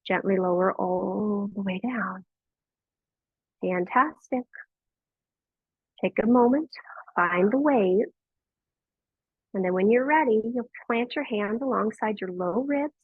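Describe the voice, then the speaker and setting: A woman's husky, gravelly voice leads a yoga class with gentle, encouraging cues and plenty of praise. The sound is tinny and narrow, like a phone line, with no room echo. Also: mid-range voice. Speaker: yoga teacher. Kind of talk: guiding a live yoga class.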